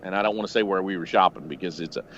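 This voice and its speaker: A man's voice: low voice, very fast. A man telling rambling, profanity-laced stories on a casual podcast call, speaking from home. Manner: profane, rambling, animated retelling. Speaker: podcast storyteller. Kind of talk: casual storytelling. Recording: lo-fi with faint noise.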